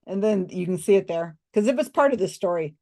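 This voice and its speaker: A woman's voice: medium pitch, animated, brisk, warm tone. An older woman telling stories casually at home, chatty and laughing often as she acts out people's reactions. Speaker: storyteller showing old photos. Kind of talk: casual storytelling to camera.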